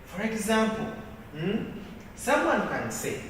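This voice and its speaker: A male teacher leading a literature lesson in a classroom, asking questions and repeating phrases as he dictates notes slowly. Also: high voice, wildly swooping pitch, a bit bright, slight background noise. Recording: echoey classroom from far off.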